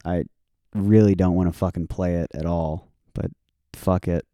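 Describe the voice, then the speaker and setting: A man's voice: low-pitched, fairly even intonation, moderate pace, noisy background. A man hosting a podcast in casual chat, swearing often and laughing easily in a playful way. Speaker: podcast host.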